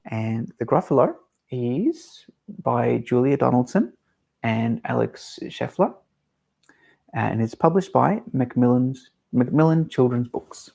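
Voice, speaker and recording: A man hosting a children's storytime for a library, talking gently and with no hurry to young listeners at home. His voice is slow and even, with a gravelly, creaky texture. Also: medium pitch. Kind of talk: live-streamed storytime reading aloud to children.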